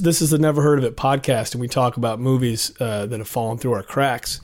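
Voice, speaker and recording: A man co-hosting a casual movie podcast, hoarse and coughing from a cold, relaxed and rambling. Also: mid-range voice, fairly quick. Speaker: podcast co-host. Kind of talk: casual chat about movies.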